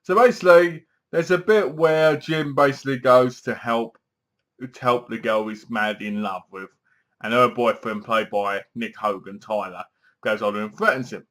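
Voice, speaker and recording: A man talks through a horror film in an easy, chatty way. He rambles, restarts his sentences and keeps reaching for filler words. His voice sits at an ordinary middle pitch. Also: normal speed, a bit bright. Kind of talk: casual spoken film review.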